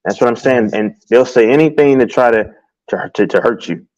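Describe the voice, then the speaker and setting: A man's voice: mid-range voice, brisk, darkish tone, muffled recording. A man hosting casual sports talk, rambling with many restarts and repeated words.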